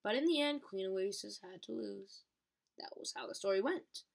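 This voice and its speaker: A woman reading a novel aloud in a steady way, with occasional slips she corrects. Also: medium pitch, moderate pace, gravelly. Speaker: reader.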